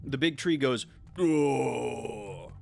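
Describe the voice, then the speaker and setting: A young man streaming a game, talking casually with sarcastic, excitable reactions. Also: medium pitch, normal speed, faint music behind. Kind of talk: casual live-stream commentary.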